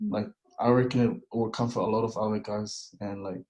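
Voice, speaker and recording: A man's voice: lowish voice, fairly even intonation, brisk, darkish tone, rough recording. A man hosting a casual chat, encouraging his guest and laughing easily. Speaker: host.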